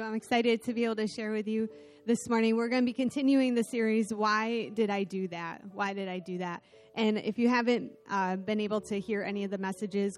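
A middle-aged woman preaching a sermon in church, telling a self-deprecating personal story with animated delivery. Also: medium pitch. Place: church sanctuary.

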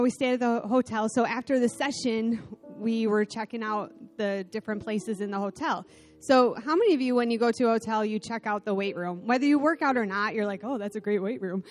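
Animated woman preaching a sermon. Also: a little high. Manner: animated, self-deprecating storyteller. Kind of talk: sermon with personal story. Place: church sanctuary.

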